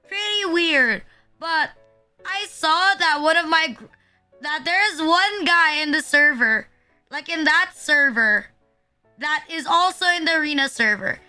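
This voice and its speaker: Young woman streamer, high bright voice, nervous, profane rambling chat, faint music behind. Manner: rambling, profane and self-deprecating. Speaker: VTuber streamer. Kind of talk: casual live-stream chat.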